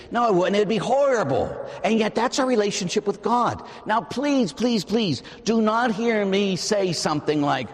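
A male Catholic priest giving a sermon, moving between soft prayerful passages and animated storytelling. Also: high voice, normal speed, big-room sound. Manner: animated preaching, soft prayerful asides and acted-out quotes. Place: church.

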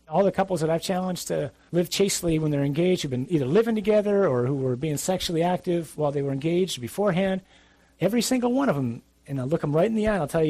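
Husky-voiced priest giving a blunt talk. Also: male voice, fairly high pitch, lively intonation, fast, mellow, dry recording. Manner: conversational, blunt and emphatic, with dry humour. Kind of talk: religious talk to young adults.

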